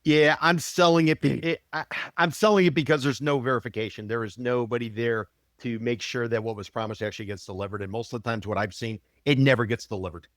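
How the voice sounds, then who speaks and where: A man co-hosts a podcast, talking quickly in a middle-pitched voice. His takes are blunt and skeptical, and he delivers them briskly in a close, dry sound. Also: fairly even intonation, dry recording. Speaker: podcast co-host, market analyst. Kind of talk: casual podcast chat.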